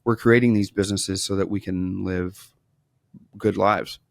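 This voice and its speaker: Gravelly low-voiced man telling stories. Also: a little slow, no room sound, clean studio sound. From Wisconsin, USA. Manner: animated storyteller, acts out quoted dialogue. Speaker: podcast guest, asphalt business owner. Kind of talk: casual interview storytelling.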